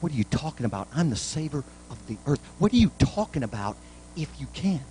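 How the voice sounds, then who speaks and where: Man voicing an incredulous Jesus, low hushed voice, quietly astonished. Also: big pitch swings, a little fast, a little hiss or hum, close to an everyday voice, rough recording.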